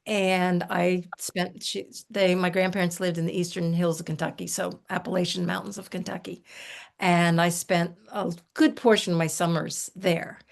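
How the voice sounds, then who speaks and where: An older woman, an herbalist guest, telling stories in a relaxed, folksy way, often restarting her sentences. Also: fairly low pitch, moderate pace, gravelly. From United States. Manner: warm folksy storytelling with frequent restarts and laughs. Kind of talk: relaxed conversational storytelling.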